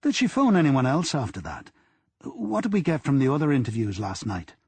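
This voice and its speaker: A man's voice: medium pitch, big pitch swings, a little fast, darkish tone, slightly rough, dry recording, voice pushed up, full character voice. A man doing a West of Ireland police officer. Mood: probing. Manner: probing questions.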